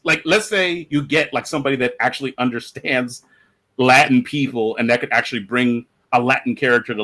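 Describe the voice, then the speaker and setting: A man talks through his opinions on a casual podcast panel, voice sitting at an ordinary middle pitch. He rambles, piles up fillers and restarts his sentences as he thinks aloud. He is on an online call. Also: sharp tone.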